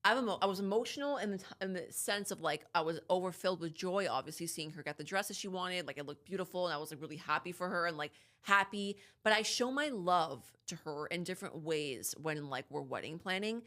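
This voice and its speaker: Candid woman podcaster, low-pitched. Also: quick pace, few pauses, fairly bright tone. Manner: candid, talks over interruptions, swears casually. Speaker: podcast co-host. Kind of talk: casual chat.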